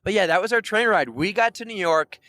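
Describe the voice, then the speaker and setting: Man from New Hampshire, loud carrying voice, animated storyteller, slightly high pitch, dry close sound. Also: a little fast, no echo. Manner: animated, acts out quoted voices. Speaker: podcast co-host. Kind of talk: casual storytelling chat.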